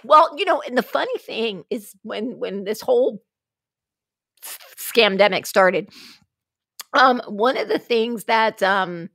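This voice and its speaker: A woman's voice: fairly high pitch, takes it slowly, pauses often, dry recording. A woman co-hosting a casual livestream chat, telling stories with lots of laughter and acting out what people said. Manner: animated storytelling, frequent laughter, acts out quoted dialogue. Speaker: co-host.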